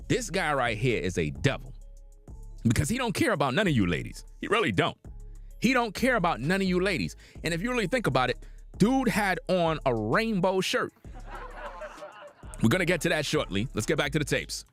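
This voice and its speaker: A man's voice: fairly high pitch, sing-song, a little fast, a bit bright, faint music behind. A man giving blunt, preachy reaction commentary on a livestream, lecturing his audience in casual slang.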